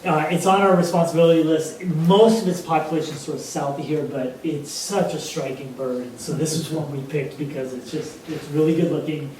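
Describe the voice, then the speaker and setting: A man's voice: on the high side, steady tone, fairly quick, few pauses, a little mellow. Chatty man in an echoey hall. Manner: chatty, imitates bird calls. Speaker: presenter on birds. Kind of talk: informal talk to a group. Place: indoor community talk hall. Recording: echoey room from far off, faint noise.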